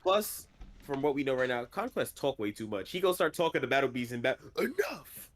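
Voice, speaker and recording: A man's voice: mid-range voice, quick pace. Laid-back slangy man arguing on a podcast. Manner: relaxed, slangy, laughs while arguing. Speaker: podcast co-host. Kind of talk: casual chat.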